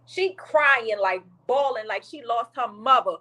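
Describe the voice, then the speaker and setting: Chatty storyteller woman, slightly high voice. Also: unhurried, low-quality recording. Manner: chatty and animated storytelling, acts out quotes. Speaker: podcast co-host. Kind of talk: casual chat, retelling a viral video.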